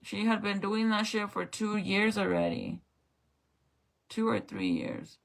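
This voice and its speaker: Gravelly-voiced woman telling a story. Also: medium pitch, huge pitch swings, unhurried. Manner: emotional, swears freely, says "bro" and "like" often. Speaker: makeup vlogger. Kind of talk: casual storytime chat.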